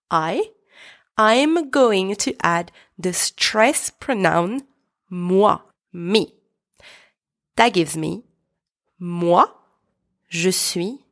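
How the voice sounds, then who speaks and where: Slow, gravelly-voiced French woman teaching. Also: lowish voice. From France. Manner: slow, patient, repeats words for learners to echo. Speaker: French teacher, podcast host. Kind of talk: scripted podcast lesson.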